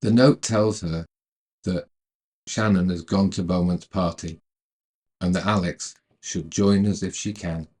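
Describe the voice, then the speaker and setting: A man narrating a retelling of a film's plot in a calm, measured way, then adding his own commentary. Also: low voice, breathy edge. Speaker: storyteller retelling a film.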